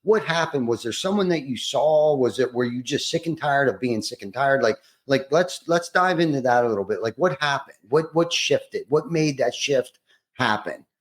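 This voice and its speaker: A man's voice: mid-range voice, expressive, moderate pace. A man hosting a podcast, asking long, rambling questions with many restarts. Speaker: podcast host. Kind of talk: casual interview questions.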